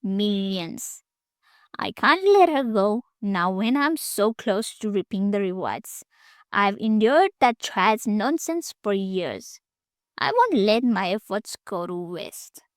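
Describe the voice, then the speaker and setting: A woman voicing a greedy, scheming grandmother in her seventies who talks slowly and coldly in a scoffing way, in an audiobook story. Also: medium pitch, sing-song, no room sound, clean studio sound. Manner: slow, cold and scoffing.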